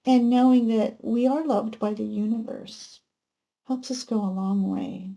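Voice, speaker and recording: A woman giving a pick-a-card tarot reading, talking gently and spiritually with many pauses and fillers. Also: on the high side, fairly even intonation. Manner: gentle, unhurried, spiritual musing with many ums. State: emotional, close to tears at times. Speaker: tarot reader.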